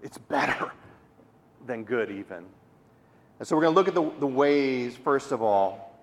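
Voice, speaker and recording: A man preaching a sermon, earnest and explanatory, often repeating words and slowing down to stress key words. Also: medium pitch, animated, a little hiss or hum. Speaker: pastor.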